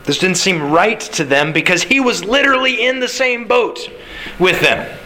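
A male pastor preaching a sermon in an animated, conversational way, full of rhetorical questions. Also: high voice, normal speed, poor audio.

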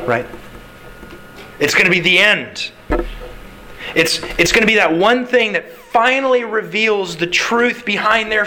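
A male pastor preaching a sermon in an animated, conversational way, full of rhetorical questions. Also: sits high, a little hiss or hum, rough recording.

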